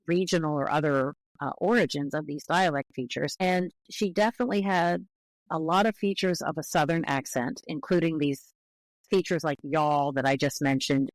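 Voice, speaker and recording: A woman's voice: deep voice, dry recording, rough recording. A woman guest on an interview, speaking as a linguist in a careful, explanatory way with frequent restarts.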